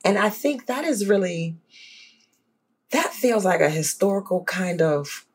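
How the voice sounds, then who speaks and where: A guest scholar from New Orleans with a New Orleans accent, talking in an animated, emphatic way in a podcast conversation. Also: a little slow, slightly rough. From New Orleans, USA. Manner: animated, emphatic, swings up high when excited.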